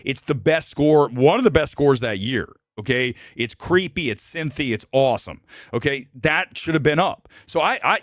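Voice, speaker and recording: A middle-pitched man on a live film chat show, speaking bluntly and with strong opinions. He jumps from loud, punchy outbursts to low muttered asides. The sound is dry and close, with almost no room in it. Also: no room sound. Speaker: film talk show host. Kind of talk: live movie review chat.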